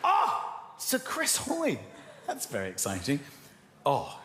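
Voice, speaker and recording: A man hosting a comedy show in front of a live audience, playful and excitable. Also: fairly high pitch, slow, very noisy. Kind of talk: live stand-up banter with audience. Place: TV studio before a live audience. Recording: echoey studio with loud crowd laughter. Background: audience laughter and applause.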